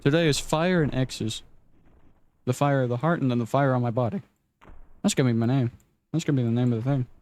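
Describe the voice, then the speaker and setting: A man's voice: mid-range voice, brisk, pauses often, darkish tone. A young man casually rambling and swearing while playing a game, self-deprecating and often restarting his sentences. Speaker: gaming vlogger.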